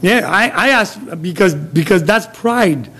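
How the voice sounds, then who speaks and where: A middle-aged man with a Quebec French accent gives an informal sermon in a small café. His voice sits fairly high for a man. He wanders through his points with restarts and frequent chuckles. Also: expressive, measured pace, pushed and bright. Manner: chuckles often, rambling with restarts. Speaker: lay preacher.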